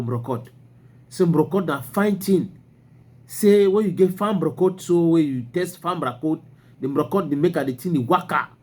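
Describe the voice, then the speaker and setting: A man with a Cameroonian Pidgin accent delivers opinionated news commentary in a fairly high voice. He talks in an animated, mocking way and punctuates his points with emphatic exclamations.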